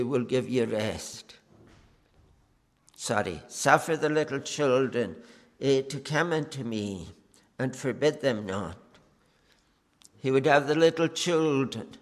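A man preaching a sermon, earnest and pleading, with long pauses between phrases. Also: mid-range voice. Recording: long reverb of a church hall.

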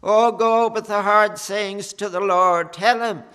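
Man preaching slow n earnest, high voice, lots of uh pauses, echoey hall. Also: fairly even intonation, bright, forceful tone, clean tone. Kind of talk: sermon.

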